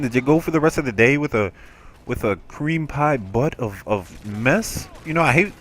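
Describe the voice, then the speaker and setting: Rambling, animated male game commentator. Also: medium pitch, moderate pace. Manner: animated, rambling storyteller with frequent restarts. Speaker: gameplay commentator. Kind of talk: casual game commentary storytelling.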